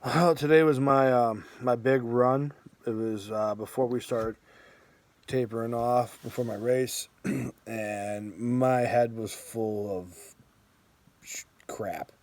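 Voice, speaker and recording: A man's voice: mid-range voice, steady tone, takes it slowly, dry recording. A man in his thirties telling a story in a casual vlog, chatty, with lots of fillers and frequent laughs. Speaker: vlogger.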